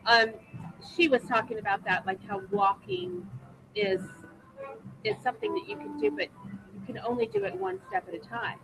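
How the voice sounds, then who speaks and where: A woman's voice: on the high side, very animated, moderate pace, vocal fry, over music, rough recording. A woman hosting an interview show, chatting casually and in an upbeat, enthusiastic way. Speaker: show host.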